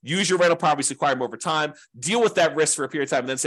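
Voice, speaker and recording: A man's voice: a little high, animated, rapid-fire, few pauses, fairly bright tone. Rambling male real estate instructor. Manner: conversational and rambling, with frequent fillers and asides. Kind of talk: informal class lecture.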